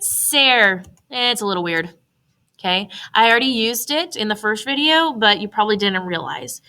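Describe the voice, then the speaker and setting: A woman's voice: a little high, bright, forceful tone. A woman teaching a recorded Spanish grammar lesson, upbeat and talking students through each step.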